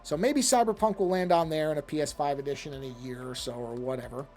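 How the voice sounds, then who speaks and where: A man's voice: on the high side, quick pace, darkish tone, soft background music. Rambling man chatting while he draws. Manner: rambling, self-talk, easily sidetracked. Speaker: streamer. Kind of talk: casual chat while drawing on a live stream.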